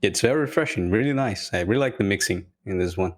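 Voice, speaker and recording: A man's voice: on the low side, lively intonation, fast. A man co-hosting a podcast, chatting casually in a hesitant, laid-back way. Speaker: podcast co-host.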